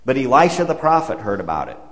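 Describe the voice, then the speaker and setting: A man's voice: mid-range voice, big pitch swings, fast talker, fairly bright tone. A man preaching a sermon, retelling a Bible story in a conversational way and paraphrasing the dialogue. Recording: long hall reverb.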